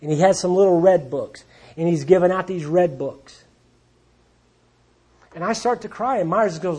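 Blunt folksy guy with a husky, kinda high voice, talking to a recovery meeting. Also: expressive, moderate pace, warm tone. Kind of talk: storytelling talk to a recovery group.

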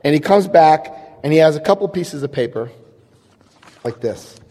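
A man's voice: fairly high pitch, lively intonation, normal speed, dark tone. A middle-aged man from New Jersey giving a recovery meeting talk, telling his story animatedly, acting out quotes and laughing at himself. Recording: long hall reverb.

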